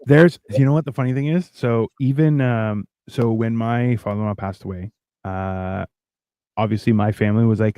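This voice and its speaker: A man's voice: mid-range voice, steady tone, brisk, dark tone, clear, resonant tone, dry recording, studio quality. A man telling rambling anecdotes in casual chat, acting out quoted lines in playful voices. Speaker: podcast co-host.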